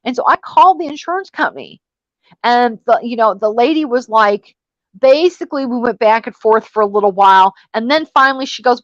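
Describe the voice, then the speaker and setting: A woman's voice: a little high, animated, brisk, no echo, highs cut off. A woman hosting a casual panel chat, telling stories in a chatty, exasperated way. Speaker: host.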